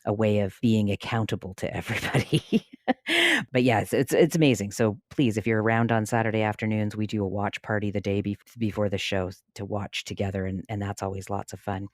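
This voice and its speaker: A podcast host moderating a casual online group discussion, chatty and laughing often, trailing off into a low murmur at the ends of phrases. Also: steady tone, brisk, a little mellow, no echo, clean studio sound. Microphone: phone app audio chat.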